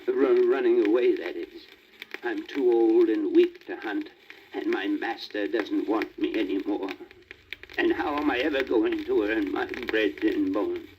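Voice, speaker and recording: A man's voice: lowish voice, unhurried, close to an everyday voice. A man voicing a weak, tired old male hound who stammers breathlessly, on a muffled old vinyl record with faint static. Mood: weary.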